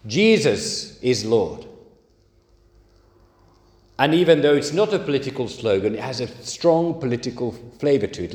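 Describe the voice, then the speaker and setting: A man preaching a sermon, leaning hard and slowly on key words. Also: mid-range voice, darkish tone. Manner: emphatic, slow stresses on key words. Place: church. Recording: echoey church hall.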